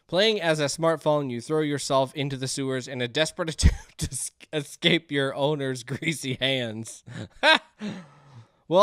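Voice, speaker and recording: A man playing indie games and thinking aloud, chatty and quick to get excited. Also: mid-range voice, smooth, no room sound, clean studio sound. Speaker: gaming YouTuber. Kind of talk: let's play commentary.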